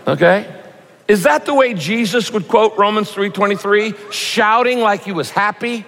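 A pastor preaching a sermon in a conversational, humorous way, sometimes putting on voices to make a point. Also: male voice, high voice, moderate pace, a bit bright. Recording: reverberant hall.

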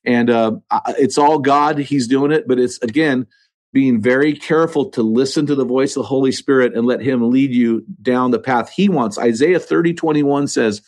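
A man's voice: medium pitch, moderate pace, a little mellow. An American man, a podcast host and author, talking earnestly and emphatically as an interview guest from a church studio, with frequent restarts. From United States. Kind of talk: conversational interview.

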